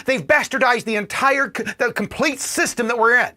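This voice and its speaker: A man hosting a political livestream, ranting with profanity and swinging between shouting and low muttering. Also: very animated, moderate pace, hardly any pauses. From Indiana, US. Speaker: political commentary host.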